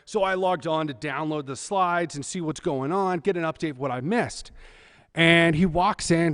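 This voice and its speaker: A man's voice: fairly high pitch, moderate pace, a bit bright, clear, resonant tone, long reverb tail. Man telling a funny story. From California. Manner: humorous, self-deprecating storyteller. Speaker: church service speaker. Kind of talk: personal story in a church service.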